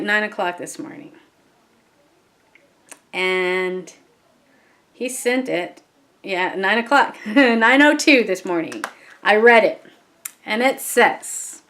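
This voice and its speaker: A middle-aged woman speaks to her camera in a slow, unhurried way. Her voice sits a little high, and she sounds chatty, candid and heartfelt as she tells a personal story. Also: fairly bright tone. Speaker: vlogger.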